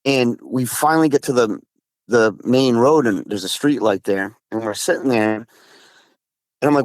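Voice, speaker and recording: A man from Massachusetts with a mid-range voice speaks at a moderate pace in a space with no room sound. As a guest, he casually tells the story of a frightening encounter, rambling and restarting as he acts out both sides of conversations, quoting his friend in dialogue.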